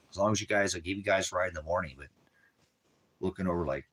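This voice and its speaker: A man with a somewhat low voice talks to his viewers in a loose, casual livestream. He rambles and repeats himself, swears freely and leans hard on his points. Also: fast talker, a bit bright. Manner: rambling, profane and emphatic. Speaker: ministry leader.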